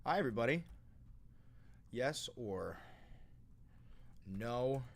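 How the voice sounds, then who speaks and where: A man hosting a casual livestream, joking with chat, swearing freely, swinging between loud and quiet talk at a home microphone. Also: medium pitch, animated, takes it slowly, gravelly. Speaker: livestream host. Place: home room. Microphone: studio microphone.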